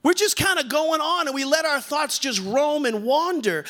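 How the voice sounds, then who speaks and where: A man's voice: very high voice, normal speed, pushed and bright. A man in his fifties preaching a sermon as a pastor, emphatic, repeating key lines and calling on the congregation to respond. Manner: repeats key lines for stress, some restarts.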